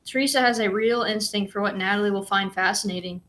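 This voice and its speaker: A woman reads a novel aloud in a plain, steady storytelling voice. She stops now and then for a short, easy aside to the listener. Her pitch sits in an ordinary middle range. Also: fast talker. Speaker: reader and commentator.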